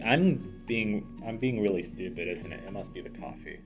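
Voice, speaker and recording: Rambling, jokey man with a low voice. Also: moderate pace, few pauses, soft background music. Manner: rambling, self-deprecating, jokey asides. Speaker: let's play commentator. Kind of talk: casual game commentary.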